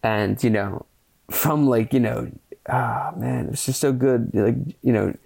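This film review comes from a man hosting a podcast by himself, chatting casually and rambling through plenty of fillers. He's earnest, excitable, and swears offhandedly. His mid-range voice is unhurried and creaky with a breathy edge.

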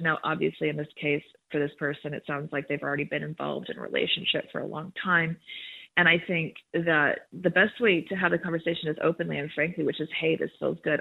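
Heard over a tinny phone line, a thirty-something educator speaks in a low, creaky, slightly rough voice. As an interview guest, she explains things in a frank and upbeat way.

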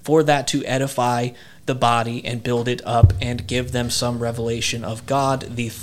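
Even-toned man explaining slowly. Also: mid-range voice, a little hiss or hum. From southern Ohio. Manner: measured, searching for words, restarts. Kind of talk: casual conversation about faith.

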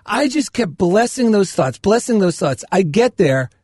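A man with a notably high voice co-hosts a spiritual radio talk show. He recounts everyday stories in an upbeat, earnest manner. His voice is recorded close and dry in the studio. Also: unhurried, slightly rough, no room sound. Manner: animated storyteller, upbeat and earnest. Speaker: radio co-host. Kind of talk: casual spiritual radio chat.

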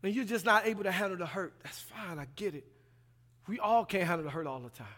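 A man in his thirties preaching a sermon as a pastoral resident, swinging between loud emphatic passages and quiet asides, colloquial and acting out dialogue. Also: high-pitched, fast talker. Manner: colloquial, plays out dialogue in voices. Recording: long hall reverb.

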